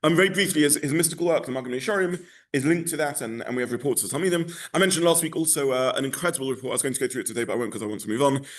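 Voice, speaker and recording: A man's voice: mid-range voice, very fast. A rabbi teaching a class, explaining his points at length and thinking aloud as he goes. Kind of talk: lecture to a class.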